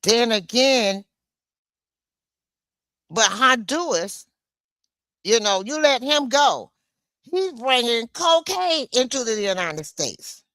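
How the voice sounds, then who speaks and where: A woman livestreaming an angry political rant, blunt and swearing, with a slow, deliberate delivery. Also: on the high side, fairly bright tone, no echo, clean studio sound.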